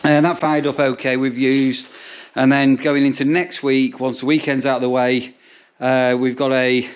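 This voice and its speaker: A man's voice: mid-range voice, level tone, normal speed, clear, resonant tone, muffled recording. A man, a campsite warden chatting casually outdoors, rambling with lots of ums and restarts. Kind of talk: casual vlog narration.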